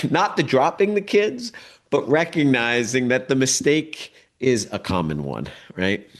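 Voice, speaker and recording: A middle-aged man, a guest on a podcast, talking in a casual interview and telling lively stories, often adding "like" and "right?". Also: mid-range voice, a little slow. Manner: animated storyteller with frequent "like" and "right?". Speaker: podcast guest, dads' program leader. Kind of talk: conversational interview.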